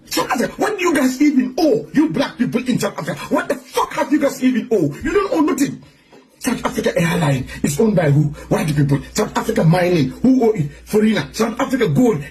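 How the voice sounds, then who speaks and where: A man's voice: sits high, darkish tone, slight background noise. A man delivering an angry, profane, repetitive rant to his online audience. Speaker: online commentator.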